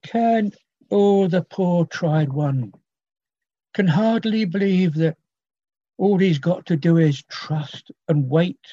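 A man preaching a sermon, slow and earnest, quoting old scripture with pauses and appeals to his hearers. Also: high-pitched, dark tone, no echo. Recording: dull lo-fi dry sound.

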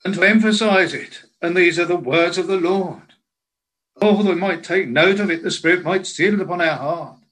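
A man preaching a sermon in a slow, earnest way, quoting scripture in old biblical language. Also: high-pitched, a bit bright, poor audio.

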